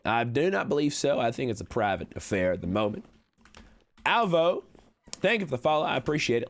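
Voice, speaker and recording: Animated man with folksy cowboy talk. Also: fairly quick. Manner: folksy cowboy put-on talk, frequent high excited jumps. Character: male con-man cowboy, chatty and showy. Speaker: streamer. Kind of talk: in-character livestream chat, reading chat.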